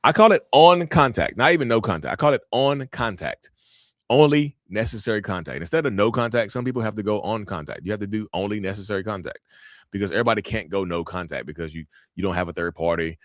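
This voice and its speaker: A man's voice: fairly low pitch, fast, no room sound, clean studio sound. A man chatting casually on a livestream, reacting to viewer comments in a blunt, emphatic way that repeats phrases for effect.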